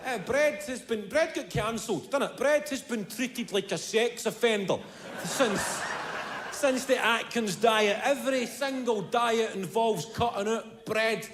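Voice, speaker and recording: A Scottish man in his thirties doing stand-up comedy, telling an animated, profane story. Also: extremely high pitch, measured pace.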